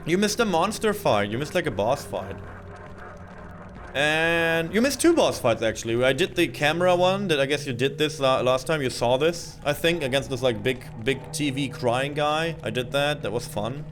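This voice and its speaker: A man's voice: on the high side, normal speed, noisy background. A man giving casual live-stream gaming commentary, rambling with lots of fillers. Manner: rambling, filler-heavy, animated.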